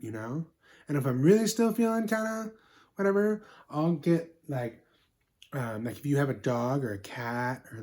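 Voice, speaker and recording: A man's voice: medium pitch, dark tone, natural voice. Darla, ditzy chatty gal as a man plays her. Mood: soothing. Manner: ditzy, filler-heavy 'like' talk. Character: bubbly, chatty, sweet-natured young woman. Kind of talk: comedic character storytelling.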